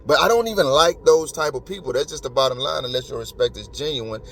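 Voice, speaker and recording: A man's voice: medium pitch, fast talker, a bit bright, a little hiss or hum. A man hosting a podcast, talking in an emotional, emphatic and rambling way. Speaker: podcast host. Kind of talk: casual commentary.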